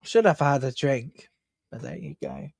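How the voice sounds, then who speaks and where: A woman's voice: a bass voice, animated, unhurried, creaky, darkish tone, husky, no room sound. A tired woman hosting a live football watch-along, chatting and commenting on play in a rambling, chatty way. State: tired, yawning. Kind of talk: live match commentary and chat.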